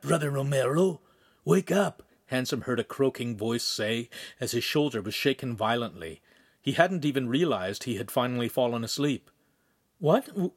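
A male audiobook narrator reads a young adult novel aloud in a steady, measured way. His voice sits in the mid range, and he tells the scripted story evenly while giving the characters their own voices.

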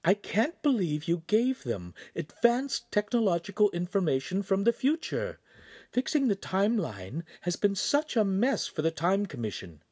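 A man voicing an exasperated woman who scolds in a high, incredulous voice. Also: very animated, moderate pace, a little mellow, no room sound, studio quality.

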